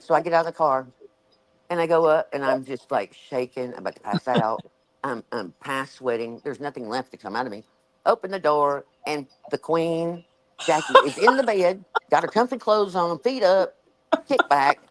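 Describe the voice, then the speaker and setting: A woman with a Southern US accent, hosting a show and telling a story in casual chat, animated and acting out the voices she quotes. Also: low-pitched, a little fast, no echo, poor audio. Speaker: show host.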